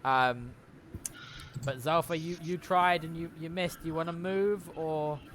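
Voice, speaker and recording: A man's voice: a little high, a little slow, fairly bright tone. A man narrating as game master in a tabletop game, talking in a rambling, chatty way and correcting himself often. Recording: noisy recording.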